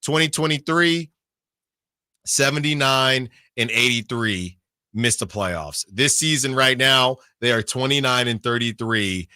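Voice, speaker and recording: A man's voice: medium pitch, a little slow, sharp tone, no echo, clean studio sound. A man hosting sports radio, reading out team records in casual talk and checking himself as he goes. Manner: reads out records, self-checking.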